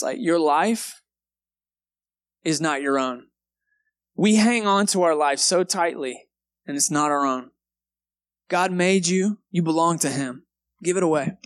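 Captured live in a church sanctuary, a male pastor with a voice on the high side preaches a casual, conversational sermon a little slowly, pausing often and dropping in "man" and "okay." The dry recording carries soft guitar music, with a loud guitar behind him.

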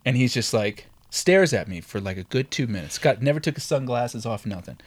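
A man spins a story in casual conversation, his pitch swinging widely as he acts out the people in it. His voice sits at a middling pitch. He swears freely and keeps the telling loose and chatty. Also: fairly quick. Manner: animated, acts out shouted quotes, swears freely.

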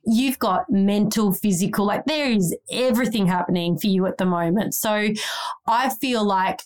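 A woman co-hosting a podcast in a casual chat, supportive, animated and playful. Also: medium pitch, normal speed. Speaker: podcast co-host.

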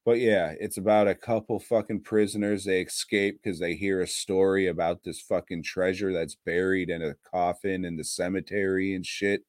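A man's voice: sits low, little pitch movement, normal speed, hardly any pauses, dry recording, studio quality. A man co-hosting a podcast, chatting casually about horror movies, swearing constantly and laughing often. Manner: profane, rambling, laughs often. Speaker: podcast co-host.

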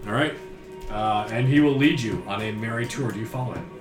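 Low-voiced man narrating a tabletop game. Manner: descriptive, unhurried with filler words. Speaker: game master. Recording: roomy echo with faint music.

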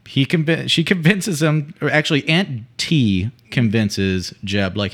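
Man, podcast co-host, mid pitch, casual and hesitant plot recap. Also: unhurried, hardly any pauses, fairly bright tone, slightly rough. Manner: hesitant, recaps with many fillers. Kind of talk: casual chat retelling a plot.

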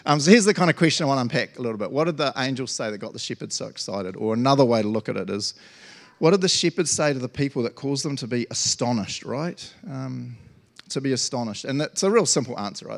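A man preaching a casual, playful sermon, chatty and acting out quotes with sudden loud outbursts. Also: medium pitch, creaky. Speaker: pastor.

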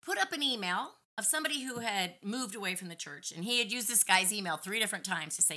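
Brief: middle-aged woman guest, very bright, forceful voice, animated and indignant storytelling. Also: medium pitch, quick pace, hardly any pauses. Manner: animated, indignant retelling with lively acted-out quotes. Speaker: podcast guest. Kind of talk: casual storytelling conversation.

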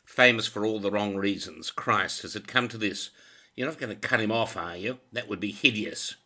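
A man's voice: deep voice, normal speed, pushed and bright, full character voice. A man voicing a blustering, bossy police chief who barks orders and swears crudely. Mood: threatening.

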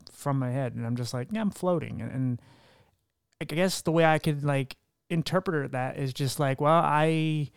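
A man's voice: mid-range voice, vocal fry, no echo, studio quality. Frank, rambling young man talking candidly. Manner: frank and rambling, swears casually, acts out quotes in a raised voice. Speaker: podcast host. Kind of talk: candid conversational interview.

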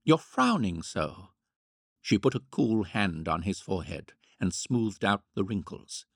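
Low, gravelly male storybook narrator. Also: moderate pace, no echo, studio quality. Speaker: audiobook narrator. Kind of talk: scripted narration.

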